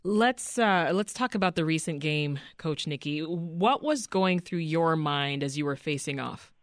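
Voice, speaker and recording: A woman hosting a radio interview, her voice sitting low in pitch. She frames her questions in a measured, attentive way, recorded dry and close. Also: expressive, dry recording. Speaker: radio host.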